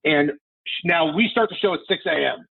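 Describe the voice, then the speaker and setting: A man around forty tells a personal story with candid, emotional storytelling and the odd curse. His voice is gravelly and husky, sitting a little high for a man. It comes through a dry, tinny, phone-like remote line. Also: fairly quick, dry recording. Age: 40s. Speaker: sports radio host, podcast guest. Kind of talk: casual podcast storytelling. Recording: phone-like, lo-fi call audio.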